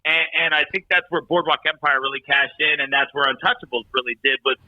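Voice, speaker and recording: A man's voice: fairly high pitch, steady tone, fast talker, dry recording, highs cut off. A man co-hosting a casual podcast chat, talking at length with many restarts. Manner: rambling, many restarts and fillers. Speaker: podcast co-host.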